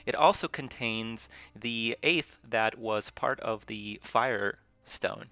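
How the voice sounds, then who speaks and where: A man narrating as game master, halting and full of fillers as he describes the scene. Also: fairly low pitch, bright, forceful tone, no room sound. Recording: dull dry lo-fi recording.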